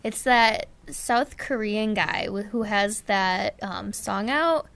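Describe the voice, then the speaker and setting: A young woman co-hosting a casual chat show, playful and quick to laugh. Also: medium pitch, vocal fry, a bit bright. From upstate New York. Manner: giggly, playful. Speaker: co-host.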